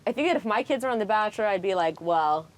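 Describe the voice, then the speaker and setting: Candid, animated woman podcast guest. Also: mid-range voice, racing. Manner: frank, animated, frequent swearing and "like". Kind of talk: casual candid conversation.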